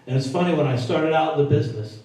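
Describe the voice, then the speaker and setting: A man in his sixties, an oldies singer and entertainer, telling animated, folksy stories to a live audience at a performance venue. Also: on the high side, quick pace. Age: 60s. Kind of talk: stage storytelling to a live audience. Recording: echoey hall, mic from far off.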